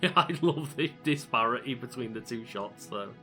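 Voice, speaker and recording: A man's voice: medium pitch, lively intonation, normal speed, bright, forceful tone, faint music behind. A man co-hosting a let's play, chatting casually and reacting in a laid-back way. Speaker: co-host. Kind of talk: casual gaming chat.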